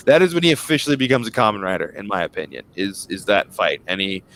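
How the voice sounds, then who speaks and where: Rambling, excited young man. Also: fairly low pitch, fast talker, hardly any pauses. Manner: rambling, enthusiastic, trips over his words. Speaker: podcast co-host. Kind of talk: casual fan podcast chat.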